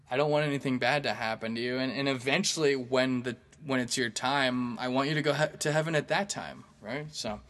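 A man's voice: mid-range voice, fairly bright tone. Guy telling a rambling standup-style story, lots of likes and you knows, swears a bunch. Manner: rambling, profane, many fillers and restarts. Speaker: stand-up comedian. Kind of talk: casual storytelling monologue.

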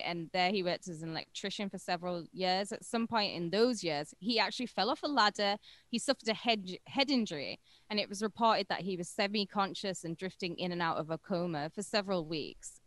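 A woman's voice: fairly low pitch, fairly bright tone, dry recording. A woman co-hosting a podcast, telling a true-crime story in a casual, irreverent way with crude jokes along the way. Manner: irreverent and crude, joking between facts.

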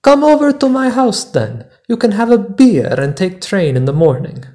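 A man's voice: high-pitched, very animated, normal speed, mellow, voice pushed up. A man voicing a short, heavy, pushy middle-aged man with a thick Italian accent in a spoken story. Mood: insistent. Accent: thick Italian accent, put on.

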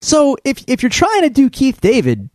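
Man, podcast co-host, casual chat, rambling restarts, lively pitch, dry close sound. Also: normal speed, no echo.

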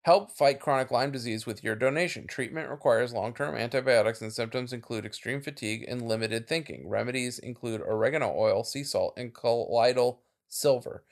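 A man's voice: medium pitch, a little fast, few pauses. A man co-hosting a podcast in casual chat, laughing often and trailing off into fillers. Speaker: podcast co-host.

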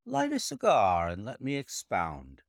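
A man voicing a brilliant, precise male detective explaining his deductions in a measured way. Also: lowish voice, wildly swooping pitch, creaky, dry recording, studio quality, exaggerated voice.

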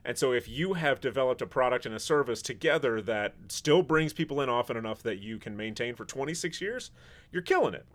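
A man's voice: medium pitch, expressive, brisk, a bit bright. A man who is a chef, hosting a casual podcast chat with a wry, sarcastic, rambling manner.

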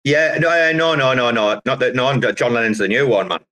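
A man's voice: mid-range voice, expressive, fairly quick, sharp tone. A middle-aged man telling rambling, profanity-laced stories in a casual online audio chat.

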